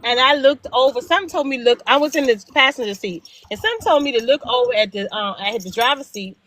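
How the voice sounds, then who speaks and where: High bright-voiced middle-aged woman storyteller. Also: fast. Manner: animated, acts out both sides of dialogue; emphatic repetition. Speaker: guest storyteller. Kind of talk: casual storytelling chat.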